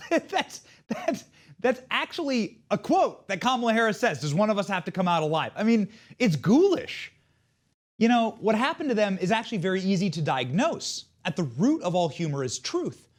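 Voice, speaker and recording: Sarcastic male commentary host in his thirties; animated, mid-pitched read. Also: moderate pace. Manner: mocking, sarcastic delivery. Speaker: show host. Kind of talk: scripted political commentary.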